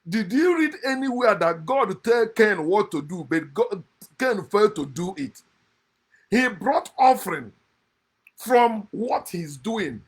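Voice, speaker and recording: A man giving a passionate, mocking monologue on scripture, swinging from loud outbursts to low muttered asides. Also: animated, unhurried, husky. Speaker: online speaker critiquing scripture.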